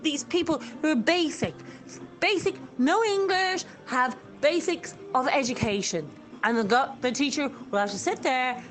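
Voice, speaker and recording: A woman's voice: high voice, fairly bright tone. A woman with an Irish accent hosting her own radio show, speaking in a fiery, indignant and emphatic monologue.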